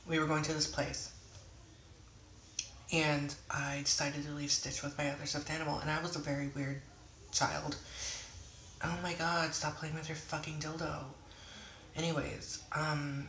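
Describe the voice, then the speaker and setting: A young adult in their twenties tells a storytime at home in a rambling, off-the-cuff way, slipping into swearing and catching themself. The voice is bright and sharp but stays flat in pitch. The room sounds echoey, with faint noise behind. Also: normal speed, long pauses. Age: 20s. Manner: rambling, swears then apologizes. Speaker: vlogger. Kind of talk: casual storytime. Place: indoors at home.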